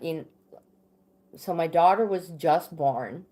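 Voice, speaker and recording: A middle-aged woman recounting a story on a livestream, her pitch sitting a little low. She speaks slowly and unhurriedly, pausing often, restarting sentences and filling gaps with "um.". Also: warm tone. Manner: halting, many restarts and fillers. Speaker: livestream host. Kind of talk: casual storytelling.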